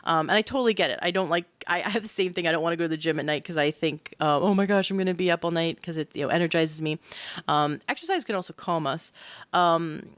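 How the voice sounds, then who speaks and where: A woman hosting a podcast, explaining and telling stories in an animated, conversational way, with many casual fillers. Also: low voice, quick pace, no echo. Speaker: podcast host.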